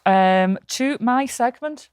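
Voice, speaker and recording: A woman's voice: on the high side, slow, darkish tone, clear, resonant tone, no echo, clean studio sound. A woman with a Liverpool accent co-hosting a podcast, chatting in a blunt, sweary, self-mocking way. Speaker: podcast co-host. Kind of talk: casual chat.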